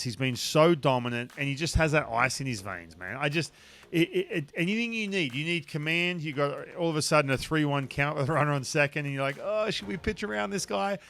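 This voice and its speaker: A man, a former pitcher hosting a casual podcast chat, talking in an animated, emphatic way.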